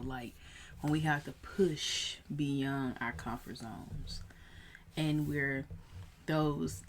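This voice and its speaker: A woman in her thirties, a coach, telling a personal story in a casual vlog, animated and prone to rising in excited bursts. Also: low voice. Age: 30s.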